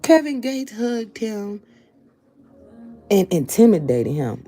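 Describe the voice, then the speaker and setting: A woman's voice: on the low side, very animated, unhurried, dark tone, breathy edge, faint music behind. A woman hosting opinion commentary, emphatic and repeating her points for stress. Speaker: commentary show host.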